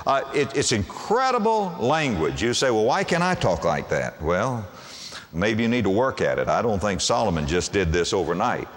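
A man's voice: fairly low pitch, big pitch swings, normal speed. A man preaching a sermon as pastor, asking the congregation rhetorical questions. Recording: long reverb of a large hall.

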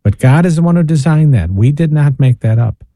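Earnest priest with a mellow voice. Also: male voice, fairly high pitch, expressive, brisk, dry recording. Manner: earnest, preachy, with rhetorical questions. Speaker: priest and spiritual director guest. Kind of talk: radio talk reflection. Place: radio studio.

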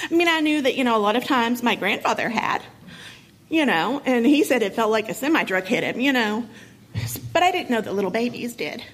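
A woman in her thirties with a husky voice, telling a painful personal story to an audience, emotional and halting, with many pauses and fillers. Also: a little high, a bit bright, low-quality recording. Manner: emotional, halting, many ums and you-knows.

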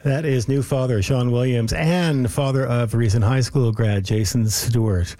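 A man's voice: mid-range voice, a little slow, dark tone, slight background noise. A man hosting a live morning radio show in a friendly, easygoing way.

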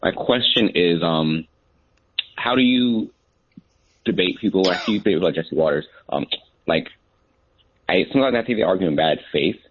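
A man's voice: sits low, lively intonation, moderate pace, pauses often, slight background noise. A man calling in to a show, asking a question hesitantly with many "um" and "like" fillers. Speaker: caller. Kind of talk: phoned-in question. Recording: tinny phone line.

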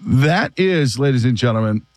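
A man hosting a sports radio show, talking in a casual, animated way and laughing often. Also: medium pitch, moderate pace, heavy background noise.

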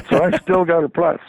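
A man's voice: high voice, a little mellow, dry recording. An older man, a former hockey trainer, telling stories and chuckling often as an interview guest. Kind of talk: anecdotal storytelling. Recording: tinny dry phone line.

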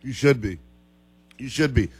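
A man's voice: medium pitch, unhurried, darkish tone, husky. A young man hosting a sports talk radio show, chatty and joking with callers. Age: young adult.

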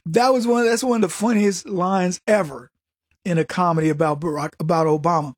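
A man's voice: high-pitched, fairly even intonation, a little fast, no echo, studio quality. A man hosting a political talk show, delivering an opinionated, mocking comedic monologue. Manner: mocking, mimics opponents in exaggerated voices, laughs at own jokes. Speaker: political commentary host.

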